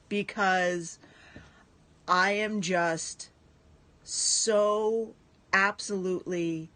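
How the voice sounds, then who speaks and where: Woman, slow, casual, gushing, swears. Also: fairly low pitch, expressive, a bit bright. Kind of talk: casual tribute message.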